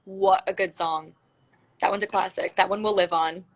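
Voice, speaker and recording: A woman's voice: medium pitch, fairly even intonation, moderate pace. A woman chatting casually as a guest on a phone livestream, gushing and giggly, full of "like" fillers.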